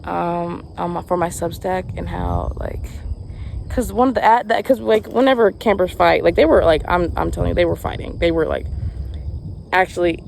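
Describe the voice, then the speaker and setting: A woman's voice: fairly low pitch, normal speed, vocal fry, a little mellow, a little hiss or hum. A young woman with a Southern American accent, chatting casually outdoors in a rambling vlog story. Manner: rambling, chatty, many restarts and fillers. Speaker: vlogger, camp counselor. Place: outdoors, rural, in the sun.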